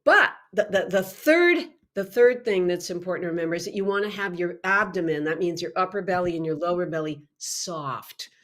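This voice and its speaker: Chatty woman singing teacher, lowish voice. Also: fairly quick, hardly any pauses. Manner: chatty, animated, many restarts and laughs. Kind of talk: live online workshop.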